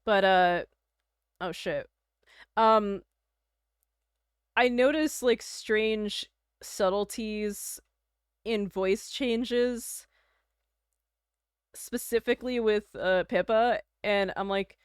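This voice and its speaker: A woman's voice: medium pitch, fairly even intonation, slow pace, pauses often, clean tone, no room sound, studio quality. A young woman from Canada chatting casually on a livestream, rambling with lots of fillers and little laughs. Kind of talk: casual chat.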